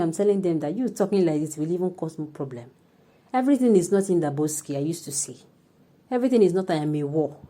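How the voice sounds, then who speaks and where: A woman with a Nigerian accent and a somewhat low voice presents news commentary. She reads steadily, then slips into a looser, chattier manner as she reads out viewers' comments. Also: dark tone.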